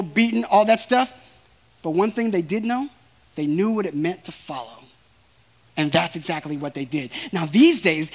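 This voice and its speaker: A man's voice: high-pitched, fairly bright tone. A man preaching a sermon in an earnest, emphatic way, speaking straight to his listeners.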